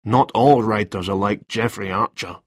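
Jumpy writer guy, voiced by a man, hesitant and defensive, kinda husky. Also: on the low side, moderate pace, no room sound, studio quality, lightly acted. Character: flustered male freelance writer, nervous. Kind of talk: storybook reading.

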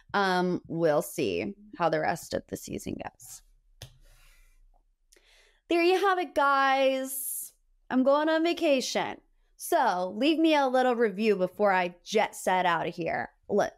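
An animated young woman, hosting a casual pop-culture podcast. Her voice sits at a middle pitch, and she talks in a chatty, gossipy way with quick asides. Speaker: podcast host.

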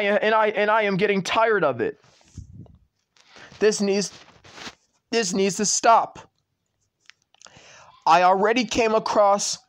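High-voiced man ranting in a vlog. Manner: repetitive, swearing, ranting address to YouTube. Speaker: channel owner. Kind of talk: vlog rant to camera.

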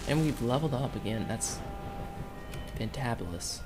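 A man's voice: medium pitch, very animated, a little fast. A young man giving rambling, joking commentary while playing a video game, chatting to the characters on screen. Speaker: gaming YouTuber. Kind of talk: let's play commentary. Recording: game music behind the voice.

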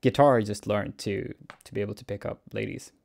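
A young man, a cellist answering viewer questions in a relaxed, musing Q&A vlog, chuckling often. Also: lowish voice, brisk, gravelly. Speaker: cellist and YouTuber. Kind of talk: casual Q&A vlog.

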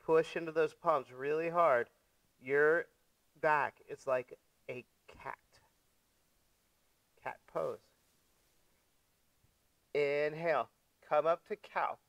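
A male yoga teacher guides his class through breathing and poses with gentle, step-by-step cues. He talks very slowly, with a voice that sits a little high for a man, and keeps things playful for his young students. The sound is dry and close. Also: dry recording, poor audio.

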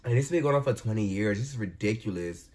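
Animated reactor yelling at the screen. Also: mid-range voice, quick pace, music in the background. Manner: exclaims and talks back at the screen. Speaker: reaction video host. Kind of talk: casual reaction commentary.

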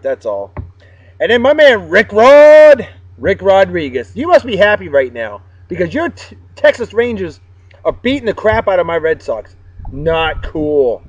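A man hosts a casual vlog, upbeat and joking as he gives shout-outs to friends. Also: high voice, big pitch swings, a little slow, no echo. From Massachusetts. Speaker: vlog host. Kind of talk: casual chat. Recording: dull, dry sound.

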